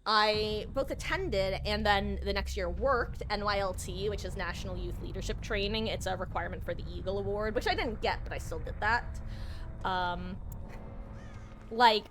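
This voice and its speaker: A young woman streaming a game, sleep-deprived and yawning, chatting in a rambling, giggly, self-deprecating way. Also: mid-range voice. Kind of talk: casual gaming stream chat.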